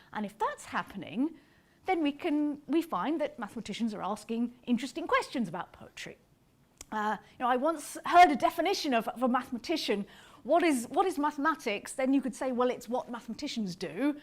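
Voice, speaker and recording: A woman giving an animated, explanatory public lecture, sometimes tapping out rhythms aloud. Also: a little high. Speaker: conference speaker.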